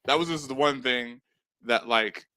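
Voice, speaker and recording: A man co-hosts a wrestling chat, blunt and exasperated, repeating himself for emphasis. His voice is bright and forceful, recorded close and dry. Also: mid-range voice, unhurried, no echo. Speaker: podcast co-host. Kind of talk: casual wrestling review chat.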